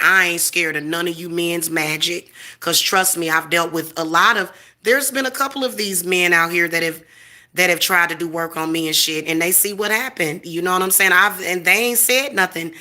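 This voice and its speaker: A woman's voice: lowish voice, bright, forceful tone. A woman in her forties delivering a profane, confrontational, boastful rant straight to camera. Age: 40s. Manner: boastful, defiant. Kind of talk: ranting monologue to camera.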